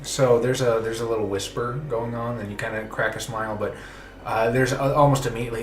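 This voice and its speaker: A man narrating as game master of a tabletop role-playing game, relaxed and joking. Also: medium pitch, brisk. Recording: roomy echo, faint music.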